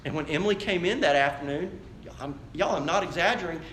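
Speaking fast in a fairly high, somewhat bright voice, this married adult man preaches as pastor, recounting a personal story conversationally and talking directly to the congregation. The recording was made in an echoey church sanctuary with slight background noise.

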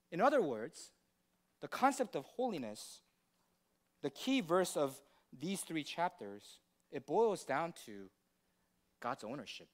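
An American male pastor preaches a sermon in a teacherly manner, frequently checking in with the congregation through questions. His voice is a little high and sing-song, and he speaks slowly with frequent pauses.

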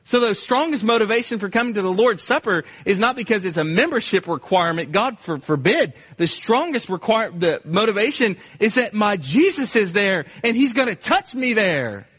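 A man with a high voice preaches a passionate sermon as the church's pastor. He drives his points home by repeating phrases and crying out quoted lines. The recording sounds slightly dull. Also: animated, normal speed, hardly any pauses, a bit bright, breathy edge. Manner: impassioned, repeats phrases, acts out quoted cries.

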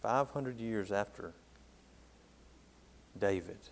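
A man preaching a sermon in a fairly low voice. He reads scripture with emphatic swells on key words and sinks low at the ends of phrases. He puts questions to his listeners as he goes. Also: slow pace, slight background noise. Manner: asks the congregation questions. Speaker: pastor.

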